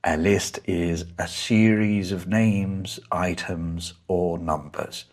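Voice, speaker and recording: Slow, low-voiced man teaching punctuation. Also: steady tone. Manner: careful, deliberate, spells out each punctuation mark. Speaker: English teacher. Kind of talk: slow explanatory lesson.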